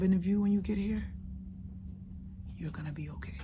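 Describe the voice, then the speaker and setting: A middle-aged woman telling a candid, emotional personal story, dropping to a hush and rising loud by turns. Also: mid-range voice, moderate pace, noisy background. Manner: candid, emotional, swings between hushed and loud.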